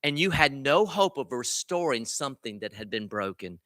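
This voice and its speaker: Man, pastor, sermon, earnest rhetorical questions, crisp tense tone, dry sound. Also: mid-range voice, big pitch swings, normal speed, fairly bright tone, no room sound.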